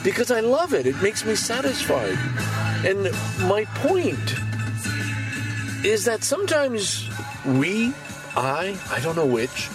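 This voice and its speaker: Man, 65, podcast host; candid swearing monologue with a wide pitch swing, soft music underneath. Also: takes it slowly, long pauses. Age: 60s. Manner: animated, swinging from low musing to loud outbursts; swears casually, repeats words when pushing a point. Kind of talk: casual monologue.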